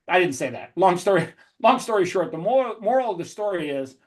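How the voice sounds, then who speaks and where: A man telling animated business anecdotes as an interview guest, energetic and full of quick restarts. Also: sits high. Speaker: entrepreneur guest. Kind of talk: storytelling podcast interview.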